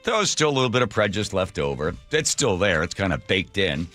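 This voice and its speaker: A man hosting a radio show, telling a wry family story and history in an animated monologue. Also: sits low, fast talker, faint music behind. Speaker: radio host. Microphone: studio microphone.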